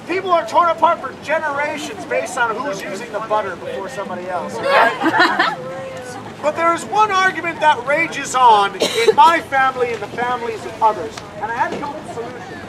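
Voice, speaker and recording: Male comic magician, high voice, bantering live outdoors over a noisy crowd. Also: expressive, fairly quick. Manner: joking, banters with the audience. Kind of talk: live stand-up magic act. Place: outdoor fair stage. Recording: loud crowd around an outdoor show.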